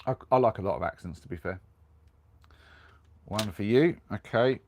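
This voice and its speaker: A man's voice: fairly low pitch, moderate pace, a little mellow, a little hiss or hum. A young man with a cold, chatting casually on a live stream from inside his camper van, rambling along and reading out viewer comments. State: has a cold.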